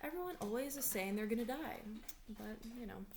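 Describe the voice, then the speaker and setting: A woman's voice: fairly high pitch, lively intonation, a little fast, vocal fry, a little mellow, a little hiss or hum. Chatty young woman teaching a lesson. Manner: chatty, lots of likes and ums, dramatic when reading lines aloud. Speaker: English teacher. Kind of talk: casual read-aloud lesson.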